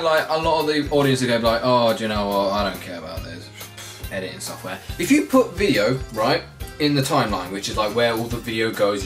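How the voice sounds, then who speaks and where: Young adult vlogger with a very animated, sweary rant. Voice jumps high and low, with faint music behind. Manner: animated, sweary ranting with big swings up to near-shouting. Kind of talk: casual ranting vlog.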